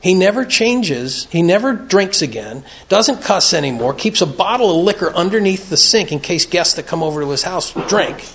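Gravelly earnest man telling stories. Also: high voice, expressive, moderate pace, hardly any pauses, fairly bright tone, slight background noise. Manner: earnest, storytelling, plain-spoken. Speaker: recovery meeting speaker. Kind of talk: conversational talk at a recovery meeting. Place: meeting room, evening gathering.

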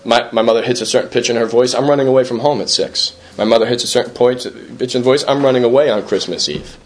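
Man, recovery share, earnest, self-deprecating, repetitive phrasing, mid-pitched voice. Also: quick pace. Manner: repetitive, conversational, keeps asking "right?". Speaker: recovering alcoholic sharing at a meeting. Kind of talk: personal recovery talk.

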